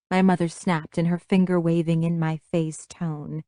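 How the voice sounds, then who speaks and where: A woman narrating a first-person audiobook with expressive storytelling. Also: fairly low pitch, moderate pace, hardly any pauses, dry recording, clean studio sound.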